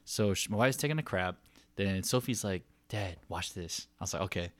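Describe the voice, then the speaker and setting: A man's voice: low-pitched, fast talker, no room sound. A man in his thirties co-hosting a casual podcast, telling stories with lots of laughter and acted-out quotes. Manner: animated storyteller, acts out quotes with laughs. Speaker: podcast co-host. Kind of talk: casual chat.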